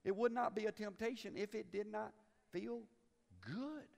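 A man preaching with a high, bright voice that carries through a long-reverb church hall. He teases his congregation in a folksy way and acts out quotes as he goes. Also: normal speed, gravelly. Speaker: pastor. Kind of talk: sermon. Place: church sanctuary.

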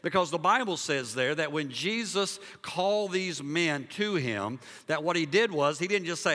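A male pastor preaching a sermon and telling a story, moving between loud emphasis and hushed, quiet passages. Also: fairly high pitch, lively intonation, normal speed, few pauses, long reverb tail. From Liberia. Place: church sanctuary.

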